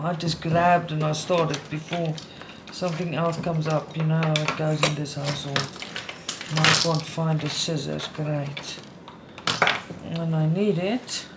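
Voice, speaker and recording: A middle-aged woman vlogging about cross-stitch at home, upset and frustrated, venting in a halting way with many restarts. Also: sits low, level tone, very noisy. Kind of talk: casual chat while stitching.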